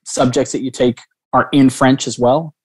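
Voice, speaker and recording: Hesitant young Canadian comedian. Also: male voice, medium pitch, little pitch movement, normal speed, a little mellow, slightly rough. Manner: hesitant, self-correcting, laughs lightly. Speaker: podcast guest, comedian. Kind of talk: casual podcast chat.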